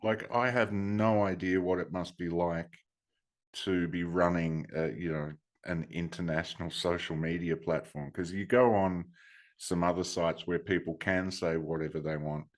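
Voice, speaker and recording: A man's voice: deep voice, fairly even intonation, moderate pace. A man hosting a podcast, talking in an easygoing, agreeable, chatty way. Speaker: podcast host. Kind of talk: casual podcast chat.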